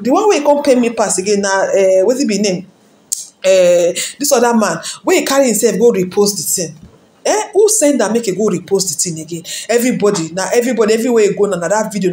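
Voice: mid-range voice, a little mellow, slight background noise. A YouTube celebrity news commentator with a Nigerian accent, talking casually in pidgin to the audience. The speaker leans on repeated words and fires off rhetorical questions.

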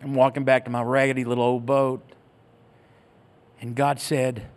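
A man's voice: mid-range voice, little pitch movement, moderate pace. A middle-aged man pastor telling a story in a sermon, acting out the voices he quotes, then leading a prayer.

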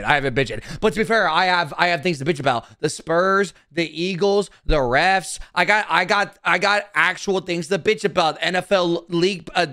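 A man's voice: high voice, bright, forceful tone, no room sound, clean studio sound. A young man streaming casually, talking to his chat in a brash, profane, defensive way.

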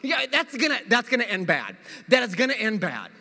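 Animated, high-voiced man preaching in a church hall. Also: fairly quick, noisy background. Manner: animated storytelling with humor. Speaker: pastor. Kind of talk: sermon. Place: church sanctuary.

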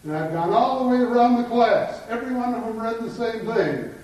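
A man's voice: very high voice, expressive, fairly quick, a little mellow. A man giving a classroom lecture to students, mixing in jokes and chuckling at his own punchlines. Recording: echoey hall from far off.

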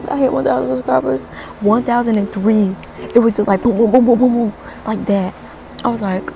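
A young woman vlogging to camera in a chatty, excitable way, gushing and rambling as she says "like" a lot. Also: medium pitch, fast, gravelly, soft background music. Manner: excitable and gushing, leans heavily on "like"; chatty, rambling and self-correcting. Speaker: YouTuber. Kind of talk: casual vlog to camera.

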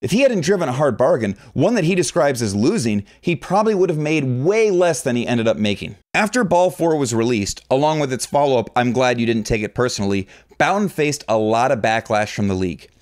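A man's voice: medium pitch, a little fast, hardly any pauses. A man narrating a video essay from a script, reading passages from an old book aloud. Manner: animated, reads book quotes with dialogue voices.

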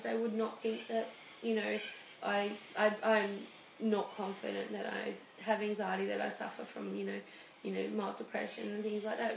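Gravelly-voiced woman, halting. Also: mid-range voice. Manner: halting and emotional, many restarts. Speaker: guest. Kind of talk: personal interview. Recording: roomy studio with faint hiss.

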